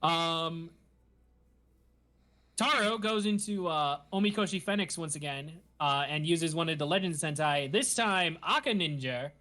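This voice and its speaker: A man hosting a podcast, recapping a show in animated, giggly casual chat. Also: a little high, a little slow. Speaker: podcast host.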